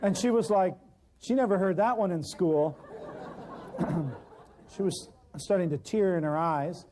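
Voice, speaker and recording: An American man, an herbal practitioner, telling humorous stories to a live audience and clearing his throat often. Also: high-pitched, unhurried, dark tone, slight background noise. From United States.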